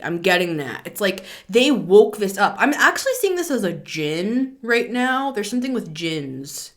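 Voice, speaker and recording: A woman's voice: medium pitch, fairly bright tone. A woman giving a casual spoken tarot reading as a channeler, chatty and blunt, with lots of filler words and some swearing.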